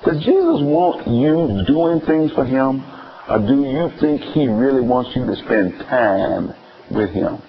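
A man with a Southern US accent preaching a playful, animated sermon with call-and-response. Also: mid-range voice, takes it slowly, highs cut off, a little hiss or hum.

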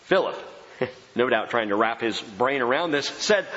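Animated preaching man in a reverberant hall. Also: mid-range voice, normal speed. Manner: emphatic, animated preaching with repetition. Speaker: pastor. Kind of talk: sermon. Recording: dull sound with long hall reverb.

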